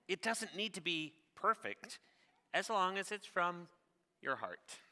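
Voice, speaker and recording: A man's voice: high voice, big pitch swings, slow, bright, forceful tone. A middle-aged man, a children's author, reads his picture book aloud in an interactive session, cheerfully asking the audience questions and urging them on. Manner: upbeat, encouraging, asks the audience questions. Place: large theater stage. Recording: long reverb of a theater hall.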